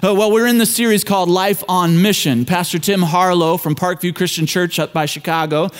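A man's voice: high-pitched, fairly even intonation, a little fast, clean tone. A middle-aged man, a pastor, telling a family story in a conversational, folksy way as part of a sermon.

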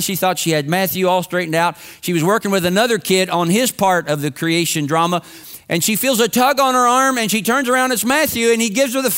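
A man's voice: high-pitched, fairly bright tone, smooth. A man preaching a sermon to his congregation in a conversational, humorous storytelling way. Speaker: pastor. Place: church sanctuary with congregation.

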